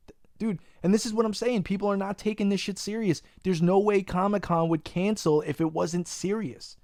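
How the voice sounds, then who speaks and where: A man's voice: high voice, moderate pace, no echo. Ranting New man, dry close sound. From Long Island, New York. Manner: profane, animated ranting, says "bro" a lot. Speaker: podcast host. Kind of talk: casual podcast chat.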